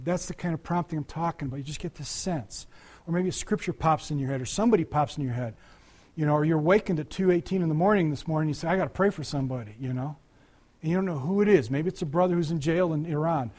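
A man's voice: on the high side, a little mellow. An older man preaching a conversational sermon, talking to the congregation with frequent asides and restarts. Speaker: pastor.

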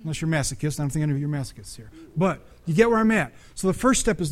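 A middle-aged man preaching a sermon, conversational and animated, with frequent restarts and sudden loud peaks. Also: on the high side, rapid-fire. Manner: restarts and repeats words often. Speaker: pastor.

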